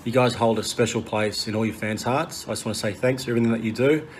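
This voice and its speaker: An Australian man recording a friendly, relaxed video message from his quarantine hotel room. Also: mid-range voice, fast talker, slight background noise.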